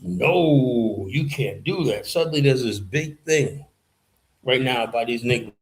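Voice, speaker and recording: A man in the middle of a heated rant on his own channel. His delivery is sarcastic and blunt, and he keeps sliding into mocking put-on voices of his opponents. His pitch sits at a plain everyday middle for a man. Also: lively intonation, a little slow, rough recording. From United States. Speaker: commentary channel host. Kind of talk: ranting political commentary. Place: in Liberia, West Africa.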